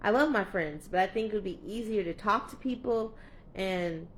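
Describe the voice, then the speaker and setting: A young woman talks straight to camera as a movement coach, earnest and heartfelt. She rambles a little, restarting sentences and filling pauses with "um" and "like". Her voice sits at an ordinary middle pitch for a woman. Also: a little hiss or hum. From California. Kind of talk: candid vlog monologue.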